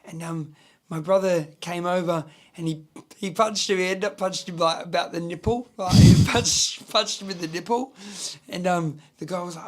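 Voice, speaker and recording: High-voiced Australian man, halting. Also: fairly even intonation. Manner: halting, many fillers. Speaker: podcast co-host. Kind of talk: casual storytelling chat.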